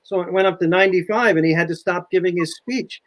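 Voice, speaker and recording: An older man chatting as a historian guest, telling history stories in a lively, animated way. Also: high voice, fast talker. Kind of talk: casual history chat.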